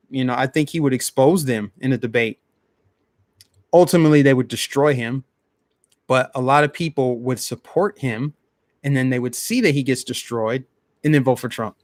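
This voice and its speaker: A man's voice: medium pitch, dry recording, studio quality. A man hosting a live stream, ranting bluntly in casual commentary and talking straight to his chat.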